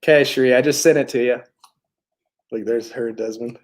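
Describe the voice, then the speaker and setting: A man's voice: medium pitch, fairly even intonation, moderate pace. A man hosting a recovery livestream, chatting casually, joking and greeting viewers in the chat by name.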